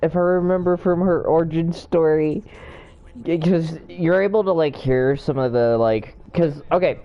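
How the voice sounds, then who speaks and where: A man playing a game and chatting casually in an excited, rambling manner. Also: a little high, normal speed, dull audio. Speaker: gamer. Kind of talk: game commentary.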